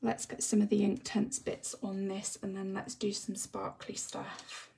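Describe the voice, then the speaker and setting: An English woman chatting casually while she teaches colouring on a live stream, often sinking into a soft half-whisper as she works. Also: mid-range voice, measured pace, vocal fry, far from the mic, slight background noise. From England. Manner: relaxed rambling chat, often drops to a soft half-whisper while working. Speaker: colouring tutor.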